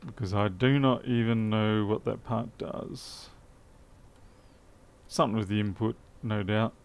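A man's voice: on the low side, fairly even intonation, a little slow, clean tone. A man talking through a circuit board repair live, thinking aloud in a methodical, muttering way. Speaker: electronics repair technician. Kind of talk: live repair stream commentary.

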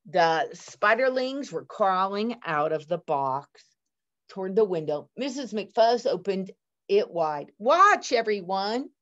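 A woman teacher reading a picture book aloud to her students, expressive and adding chatty asides to the class. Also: mid-range voice, slow. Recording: dull lo-fi recording.

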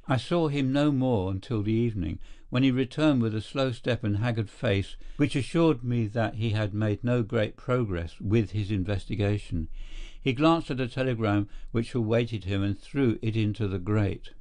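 A man's voice: on the low side, no echo. Man narrating steadily, dry close sound. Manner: steady, measured storytelling. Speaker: audiobook narrator. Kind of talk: scripted narration.

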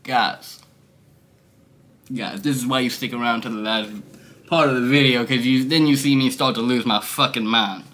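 A young man vlogging at home, high and rambling in loose slang, laughing often. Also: fairly even intonation, normal speed, pushed and bright. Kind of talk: casual stoned review vlog. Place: his room.

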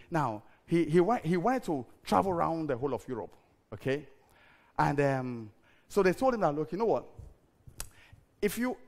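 A middle-aged man, preaching a sermon full of stories, animated and laughing, sometimes breaking into shouted prayer. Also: a little high. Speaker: pastor. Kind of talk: storytelling sermon.

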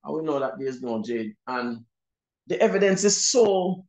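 A man's voice: fairly high pitch, expressive, moderate pace, a little mellow. A man with a Jamaican accent teaching a Bible class, emphatic and often asking "you see?". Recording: roomy echo.

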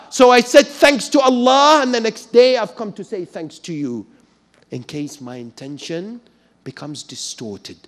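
A man giving a sermon as a sheikh, telling stories with sudden loud dramatic peaks. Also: mid-range voice. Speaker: sheikh preacher. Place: mosque lecture hall.

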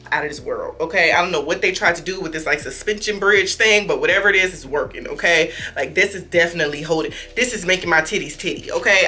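A young woman in her twenties doing a lingerie try-on haul, talking in animated slang, repeating herself and breaking into sudden high exclamations. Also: far from the mic. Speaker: fashion vlogger.

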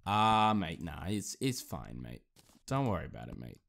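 A man doing a put-on Australian accent as an easygoing bloke, repeating relaxed casual slang in a lowered voice. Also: normal speed, gravelly, heavily acted. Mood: laid-back.

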